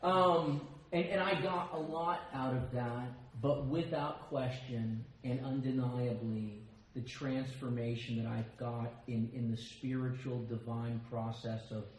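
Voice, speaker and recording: An American man giving a personal share at a recovery meeting, telling stories with quick asides and self-mocking humor. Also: medium pitch, fairly even intonation, slight background noise. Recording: very echoey room with faint ambience.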